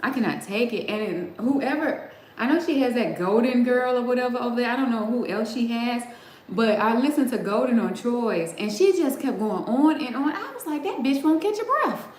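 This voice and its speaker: Hosting a casual livestream, a middle-aged woman speaks at normal speed in a fairly high voice with a darkish tone. She addresses her viewers directly and laughs often, and the audio is roomy with a little background noise.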